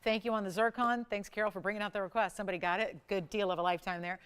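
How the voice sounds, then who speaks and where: A woman's voice: mid-range voice, steady tone, racing, a bit bright, clean tone. Urgent woman jewelry-channel host. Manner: urgent, countdown-style price reveals. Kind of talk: live TV sales pitch.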